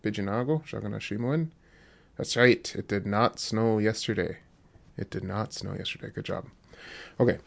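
Male language teacher, low gravelly voice, drills and repeats patiently. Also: moderate pace. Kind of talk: language lesson with quiz.

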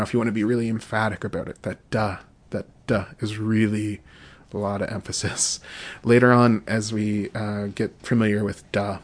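A man with a low, gravelly and somewhat husky voice teaches a podcast language lesson. He says each phrase slowly two or three times before explaining it. Between the drills he talks casually, with plenty of fillers. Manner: slow, repeated drilling of phrases.

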